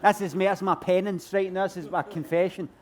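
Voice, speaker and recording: A man's voice: sits high, fairly even intonation, brisk, darkish tone. A Glaswegian man answering audience questions on stage in a rambling, self-mocking way. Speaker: comedian guest at book festival. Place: stage at a book festival.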